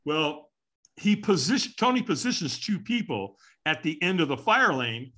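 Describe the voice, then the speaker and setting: A man in his sixties telling a personal story as a podcast guest, acting out what people said with big swings in his voice. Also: moderate pace. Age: 60s. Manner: animated, acts out quotes with big pitch swings.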